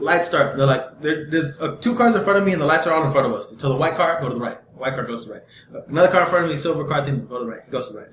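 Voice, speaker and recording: A young man tells a story fast and high-pitched, acting out everyone in it and swearing freely. He talks among friends in an echoey room with a faint hiss behind him. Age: young adult. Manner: animated, profane, acts out voices of others in his story. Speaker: podcast co-host.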